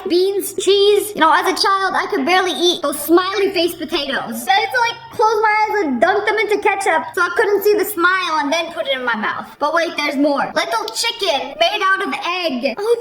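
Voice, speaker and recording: Casting note: playful, exclamatory woman host with a high voice, recorded in an echoey room. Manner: chatty, lots of "like" and "bro" fillers. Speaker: reaction video host. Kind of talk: casual reaction commentary.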